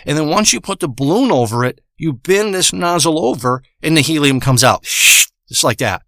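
A man's voice: on the high side, expressive, brisk, a bit bright, no echo, studio quality. A man in a crude comedic rant, profane, boastful and rambling, stretching out words for emphasis.

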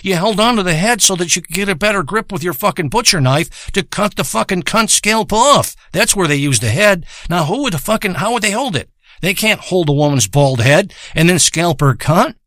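A man with a somewhat high voice holds forth in a rambling, foul-mouthed comic monologue. He swears freely and drifts from point to point, losing track of himself along the way. The sound is close and dry, with no room around it. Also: lively intonation, moderate pace, fairly bright tone, dry recording. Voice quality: profane, rambling, loses his thread. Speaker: storyteller. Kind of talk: rambling crude comedic monologue. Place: home in a rural area.

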